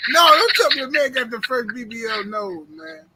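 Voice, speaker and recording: A man hosting a live boxing talk stream from home, chatting casually in an animated, joking, slangy way. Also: extremely high pitch, moderate pace, gravelly, breathy edge, rough recording.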